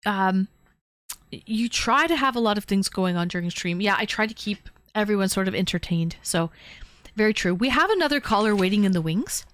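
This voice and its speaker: A woman's voice: mid-range voice, expressive, moderate pace, fairly bright tone, no echo. A young woman from the Toronto area, live-streaming and chatting casually, thanking viewers by name with plenty of fillers. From Canada, Toronto area.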